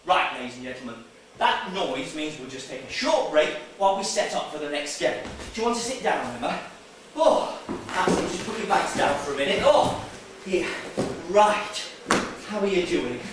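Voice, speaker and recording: A man's voice: fairly high pitch, very animated, moderate pace, heavy background noise. An actor in a stage play playing Bob, a brash, pushy game show host who talks down to his contestant. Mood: patronizing. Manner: showy, bossy, speaks down to the contestant. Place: theatre stage. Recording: echoey theatre from far off, faint music.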